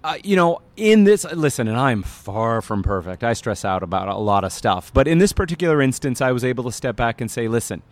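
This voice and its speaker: A man in casual conversation, an animated storyteller with frequent fillers who talks about stress and breathing. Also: mid-range voice, fairly quick, hardly any pauses, no echo.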